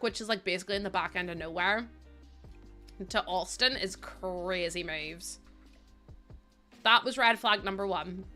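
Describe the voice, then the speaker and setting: Chatty Northern Irish woman streamer, bright and a touch high, swearing and laughing freely over soft music. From Northern Ireland. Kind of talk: casual livestream chat while building in a game.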